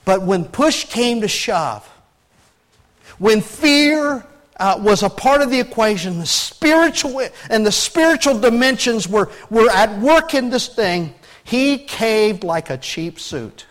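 High-voiced male pastor, folksy. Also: lively intonation, takes it slowly, a bit bright. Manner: folksy, asks the congregation rhetorical questions. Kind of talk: conversational sermon.

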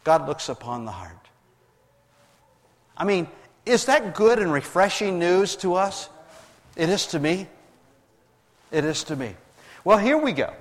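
A man preaching a sermon, reading scripture aloud and explaining it, with many restarts and swings between raised readings and quiet asides. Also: on the high side, sing-song, normal speed, in a large hall. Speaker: pastor.

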